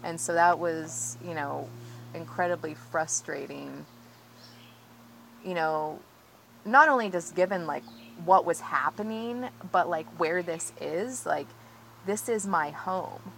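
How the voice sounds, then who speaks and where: Agitated woman with a gravelly low voice. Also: slow pace, fairly bright tone, a little hiss or hum, poor audio. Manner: earnest, agitated, frequent "like" and "you know". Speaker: interviewee, tree-sit protester. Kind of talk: recounting events in a field interview. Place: outdoors on her property near trees.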